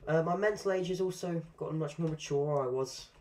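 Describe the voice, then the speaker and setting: A man's voice: fairly high pitch, a little fast, darkish tone. A man with a cold and a stuffy voice, giving casual gameplay commentary with dry, grumbling, self-mocking asides. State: congested from a cold. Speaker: gaming streamer.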